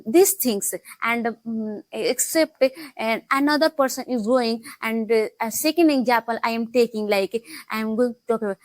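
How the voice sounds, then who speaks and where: A young woman talks through her practice with many pauses and restarts. Her voice sits somewhat high. The sound is close and dry, with no room around it. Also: no room sound. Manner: halting, many fillers and restarts. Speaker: English learning vlogger. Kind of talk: casual talk to camera.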